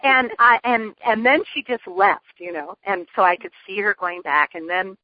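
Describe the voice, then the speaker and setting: A woman guest telling a personal story in an interview, earnest and lively, laughing often. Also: medium pitch, normal speed, no room sound. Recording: dull lo-fi phone line.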